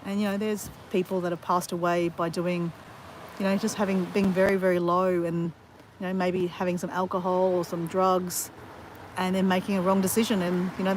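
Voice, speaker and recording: An Australian woman from Southeast Queensland rambles casually to her viewers on a walking livestream outdoors near a beach. Her voice is mid-range, with a little hiss or hum in the recording.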